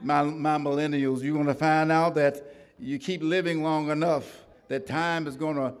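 A man's voice: fairly high pitch, flat delivery, moderate pace, big-room sound. A middle-aged man preaching a sermon to a church congregation, building rhythmic repetitions and calling for responses. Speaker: pastor.

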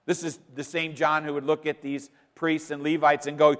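A man's voice: on the high side, fast talker, few pauses. Emphatic preacher man in a reverberant hall. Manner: emphatic, swings between loud declarations and quiet asides. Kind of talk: sermon. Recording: long reverb of a large hall.

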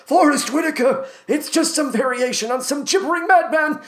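A podcaster doing an impression of a batty, gibbering old male toymaker who mutters to himself and then yells. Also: moderate pace. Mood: muttering. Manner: high, muttering then yelling. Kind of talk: comedic movie recap impression.

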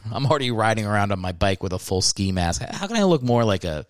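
A man's voice: fairly low pitch, very animated, brisk, no echo, clean studio sound. A man hosting his own podcast, rambling and joking about himself in a casual solo monologue, with some swearing. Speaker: podcast host and comedian. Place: indoors, seated on a creaky chair.

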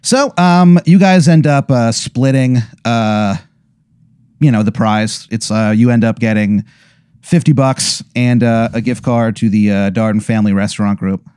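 A man's voice: mid-range voice, unhurried, a little mellow, smooth, no echo, clean studio sound. A young man telling a long comedic hypothetical, rambling and profane, with many fillers. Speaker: podcast co-host. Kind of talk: comedic storytelling.

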